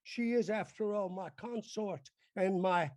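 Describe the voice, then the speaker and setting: Taking a measured pace, an improv stage actor with a high, slightly mellow voice plays a pompous older senator father who blusters and scolds. This improvised mock-Shakespearean acting has no room sound.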